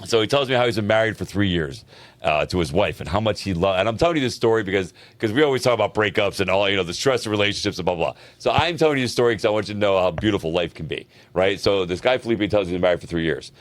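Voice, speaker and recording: A man's voice: fairly low pitch, expressive, very fast, dry recording. A man co-hosting an advice podcast, telling a long story in casual chat, swearing freely and checking in with "right?" as he goes. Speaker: podcast co-host.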